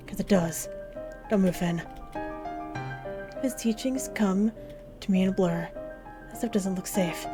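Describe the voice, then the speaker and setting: A woman at a middle pitch reads a narrative game aloud as its heroine, in an emotional, intense first-person delivery. Her voice rises in urgent moments. Game music plays clearly behind her. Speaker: gaming video host. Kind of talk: dramatic reading of a narrative game.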